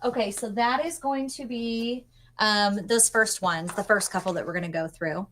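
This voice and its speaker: A woman's voice: mid-range voice, normal speed, a bit bright, slight background noise. Chatty woman teaching a sewing pattern. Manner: chatty, upbeat, teaching step by step. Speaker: pattern designer guest. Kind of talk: demonstrating a pattern on a livestream. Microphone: video call.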